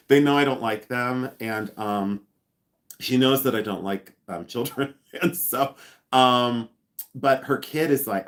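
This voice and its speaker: A man's voice: mid-range voice, slow, pauses often. A man hosting a casual live stream, chatty and rambling, laughing often and joking with sarcasm. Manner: sarcastic humor.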